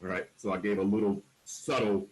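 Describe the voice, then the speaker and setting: A man in his forties speaks in a somewhat low voice as a panel speaker, telling his own story frankly. He leans hard on key words and slips into the voices of the people he quotes. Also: steady tone, brisk, a little mellow, low-quality recording. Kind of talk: candid personal storytelling at a panel.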